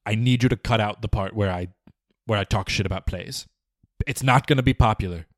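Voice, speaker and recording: A man's voice: fairly low pitch, fairly quick, dry recording, studio quality. A young man hosting a comedy podcast, delivering a pompous, rambling, mock-serious film review with stammering restarts. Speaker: podcast host. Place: small studio.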